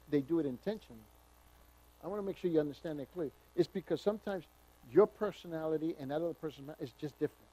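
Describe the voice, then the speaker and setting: A man's voice: a little high, mellow, rough recording. A man pastor teaching the Bible verse by verse in a conversational, emphatic way, telling personal stories.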